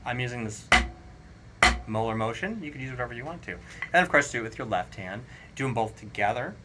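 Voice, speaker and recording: A man teaching a drum lesson, counting rhythms aloud in a relaxed, explanatory way. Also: mid-range voice, a little fast, loud music behind the voice. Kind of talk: casual spoken drum lesson. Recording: drums playing clearly behind the voice. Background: drum kit playing.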